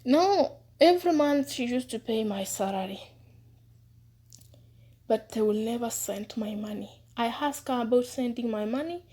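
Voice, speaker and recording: A woman telling her own story as a former housemaid, in an earnest, casual way. She repeats words for emphasis and sometimes drops into hushed asides. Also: on the high side, measured pace, slightly rough. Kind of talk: personal testimony, casual storytelling.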